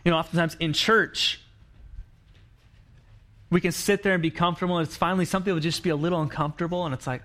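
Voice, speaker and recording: A man preaching in a church in a chatty, storytelling way. His voice sits a little on the high side, and he slips into quoted lines to act out the people in his story. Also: a little fast, pauses often, a bit bright. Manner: conversational preaching, acts out quoted lines, frequent restarts. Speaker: pastor. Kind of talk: sermon.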